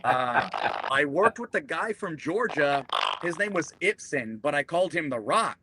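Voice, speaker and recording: A man, a military veteran, telling profane, animated stories in casual chat. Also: on the high side, unhurried, heavy background noise. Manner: profane, animated, acts out quotes.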